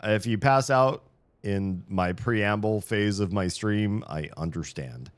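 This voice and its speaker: A man's voice: fairly low pitch, slow, dry recording. A tired man hosting a live stream in casual chat, rambling and joking with frequent stammered restarts, into a studio microphone in a room with shelves.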